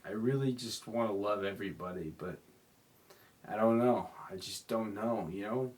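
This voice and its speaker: Drunk sleepy young guy rambling on his own podcast, low voice, keeps saying sorry. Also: normal speed, a little mellow. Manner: slurred, apologetic, rambling. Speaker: podcast host. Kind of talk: rambling solo podcast monologue.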